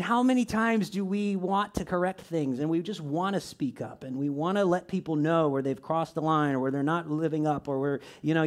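A man teaching a small church group in a conversational way, reading scripture aloud and asking many rhetorical questions. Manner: reads scripture aloud, shifts pitch and loudness often. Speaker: pastor or teacher.

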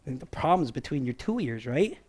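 A man's voice: very animated, brisk, slightly rough. A man preaching a sermon in a conversational way, often asking "right?" and acting out the voices he quotes. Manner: acts out quoted voices with shifts in pitch and loudness.

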